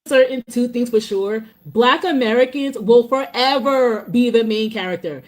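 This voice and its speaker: A woman's voice: fairly high pitch, normal speed. A woman venting in a reaction clip, exasperated and swearing often.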